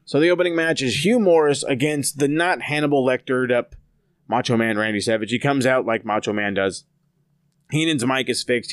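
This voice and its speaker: A man talks through a recap in a loose, rambling way, swearing freely and dropping sarcastic asides. His voice sits in a middle pitch. The sound is close and dry, with no room to it. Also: no room sound. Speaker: podcast co-host reviewing wrestling episodes. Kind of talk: casual recap and rating.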